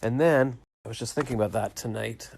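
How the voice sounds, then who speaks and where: A man's voice: mid-range voice, brisk, gravelly, darkish tone, a little hiss or hum. A man recording a casual late-night video diary in his small home studio, rambling and reflective as he retells conversations. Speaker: vlogger.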